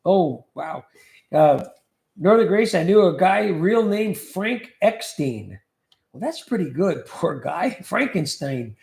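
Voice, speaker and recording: Man, livestream host, high voice, joking, reading chat, echoey room. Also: sing-song, slow pace, gravelly, darkish tone. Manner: joking, rambling, reads comments aloud. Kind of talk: casual chat reading viewer comments.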